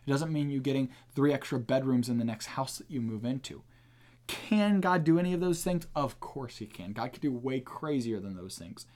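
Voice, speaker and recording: A man's voice: mid-range voice, animated, normal speed, darkish tone. Earnest man teaching on a podcast. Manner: earnest, emphatic, with restarts. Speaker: podcast host teaching the Bible. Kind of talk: casual teaching chat.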